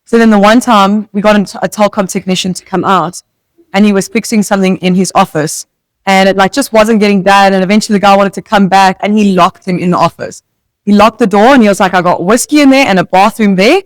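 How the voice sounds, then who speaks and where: A woman's voice: medium pitch, steady tone, brisk, no echo, rough recording. A South African woman co-hosting a casual podcast, telling stories in a chatty way with many "like" fillers. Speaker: podcast co-host. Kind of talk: casual chat.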